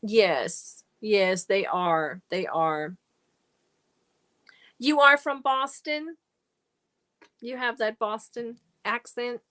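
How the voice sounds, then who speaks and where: Woman, unhurried speech, rambling friendly chat, laughs often, live-stream host. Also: a little high, a bit bright. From Germany. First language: German. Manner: chatty, rambling, laughs often, reads and answers comments. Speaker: crochet channel host.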